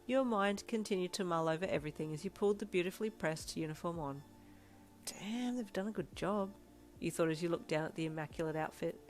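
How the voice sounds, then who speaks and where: A woman reading a second-person fan fiction story aloud in a steady, measured storytelling voice. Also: fairly low pitch, faint music behind. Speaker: fanfiction reader.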